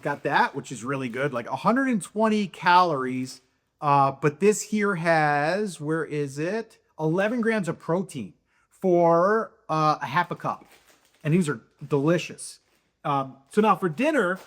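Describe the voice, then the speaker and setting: A man in his fifties talks casually through his daily food, rambling a little and thinking out loud as he goes. His voice sits slightly high for a man. He pads his sentences with easy fillers and restarts. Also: lively intonation, slow. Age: 50s. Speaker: vlogger sharing his daily meals. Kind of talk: casual show-and-tell chat.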